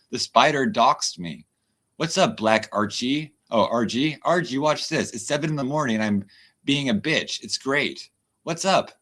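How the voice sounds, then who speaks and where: A man's voice: mid-range voice, a bit bright. A man ranting and swearing on a livestream, chatting loosely with his viewers. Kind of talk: livestream rant.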